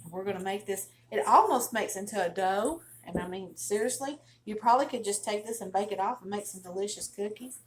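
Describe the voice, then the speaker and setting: A woman's voice: mid-range voice, brisk, few pauses. A middle-aged woman with a Southern US accent hosts a casual home cooking demonstration, talking in a folksy, chatty, storytelling way from her kitchen. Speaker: cooking channel host.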